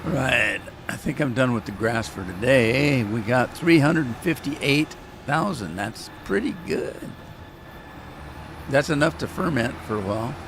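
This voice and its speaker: A man's voice: medium pitch, expressive, unhurried, noisy background. A man casually talking through a farming game on a live stream, joking with his chat. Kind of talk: casual gameplay commentary.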